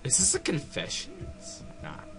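A man doing let's play commentary on a horror game, jumpy and panicky, yelling at the screen. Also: normal speed, music in the background. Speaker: gamer playing a horror game.

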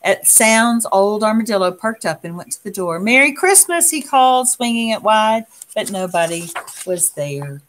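Soft-spoken woman reading a picture book. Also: mid-range voice. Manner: soft, unhurried, pausing to point at pictures. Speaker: storyteller.

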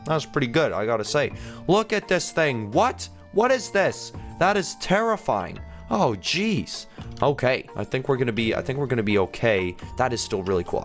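A man talking through a video game playthrough in a chatty, joking way, reacting with quick bursts of excitement to each new sight. His voice sits at an everyday middle pitch. Light game music plays faintly underneath him. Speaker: gaming commentator. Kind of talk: playthrough commentary.

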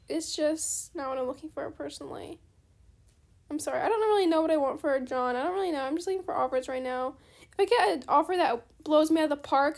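A young woman with a high, gravelly voice hosts a gaming channel, casually commenting while she trades in a game. Chatty and easily excited, she addresses both herself and her viewers and keeps apologizing.

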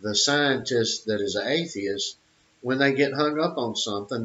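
Slow, low-voiced emphatic man. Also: expressive, fairly bright tone. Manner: emphatic, repeats phrases, many fillers. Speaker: channel host. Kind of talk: opinionated monologue. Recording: dull lo-fi audio.

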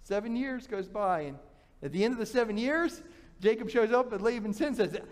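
High-voiced male pastor in an echoing church. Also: fairly quick. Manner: animated storytelling with frequent restarts. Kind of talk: sermon. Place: church sanctuary.

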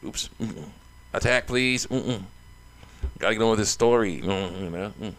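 A man's voice: on the low side, normal speed, fairly bright tone. A man giving chatty, rambling commentary while playing a video game, laughing often. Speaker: let's play host.

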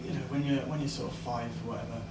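A young man performing a stand-up comedy set, hesitant and deadpan, with lots of uhs and ums. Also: mid-range voice, racing, noisy background. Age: young adult. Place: comedy club stage. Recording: echoey live venue, distant mic, loud crowd laughter. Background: audience laughter.

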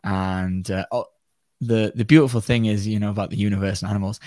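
A man speaking as a podcast guest, talking in a reflective, earnest, measured way. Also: fairly low pitch, steady tone, a little mellow, dry recording. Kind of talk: casual conversation.

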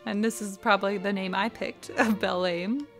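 A woman's voice: medium pitch, fairly even intonation, moderate pace. A woman with an Australian accent commentating a video game, reacting emotionally with frequent exclamations and reading the on-screen text aloud. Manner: emotional, exclaiming, laughs often. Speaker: let's play host. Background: game music.

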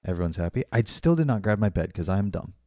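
A man's voice: on the low side, lively intonation, fast talker, warm tone, no room sound, studio quality. A young man streaming a game, chatting casually with viewers and often apologizing. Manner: chatty, apologetic, reads chat aloud. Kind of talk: casual live-stream chat while building.

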